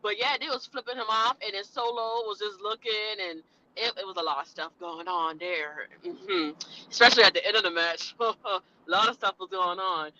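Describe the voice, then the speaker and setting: Bright chatty woman, lo-fi sound. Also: mid-range voice, fairly even intonation, moderate pace. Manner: loose, chatty, emphatic. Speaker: podcast co-host. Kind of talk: casual chat. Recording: dull lo-fi audio.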